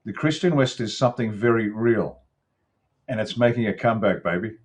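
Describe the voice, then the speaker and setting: An older Australian man, a guest commentator, talking emphatically in an interview, with restarts and throat clearing. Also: lowish voice, brisk. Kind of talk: opinionated interview talk.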